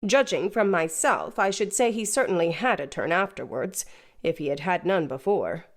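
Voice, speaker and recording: A woman narrating a classic novel in a measured, even reading. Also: lowish voice. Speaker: audiobook narrator. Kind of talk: scripted narration.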